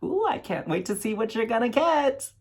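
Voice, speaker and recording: A woman's voice: fairly high pitch, sing-song, normal speed, darkish tone, husky. A woman giving a casual, chatty spiritual card reading to camera, bubbly and addressing viewers as fam. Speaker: tarot card reader.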